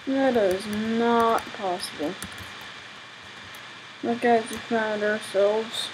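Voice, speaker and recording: A young woman with a fairly high voice chats her way through a gameplay session, often exasperated and exclaiming. A faint hiss sits under her voice at home. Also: fairly even intonation, drawn-out words, long pauses, poor audio. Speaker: gaming channel host. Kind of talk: casual gameplay commentary.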